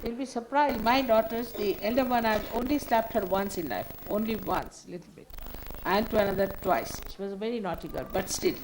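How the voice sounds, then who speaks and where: A woman's voice: mid-range voice, a little fast, background noise. An older woman, a spiritual teacher, giving a spoken talk to a gathering in a motherly, scolding way, often repeating short commands.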